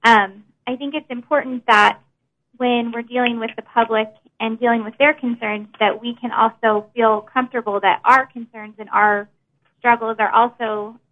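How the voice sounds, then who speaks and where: Woman staffer, fairly high voice, earnest and grateful, tinny remote-call audio. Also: steady tone, normal speed. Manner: earnest, with frequent ums. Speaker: customer service employee. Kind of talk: casual remarks at a remote board meeting. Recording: phone-like audio from a remote meeting.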